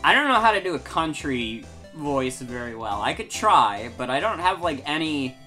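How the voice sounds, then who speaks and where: A chatty woman from New York commenting on her game stream, casual and self-deprecating. Her voice is very low for a woman but lively in its ups and downs. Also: moderate pace, soft background music. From New York, USA. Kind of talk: casual let's-play commentary.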